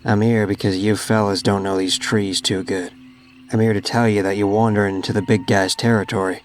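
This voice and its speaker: A man's voice: fairly low pitch, level tone, fairly quick, slight background noise, lightly acted. A man voicing a grinning, gap-toothed old hillbilly stranger with a Southern US accent who speaks in a folksy drawl and gives grim warnings. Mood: ominous.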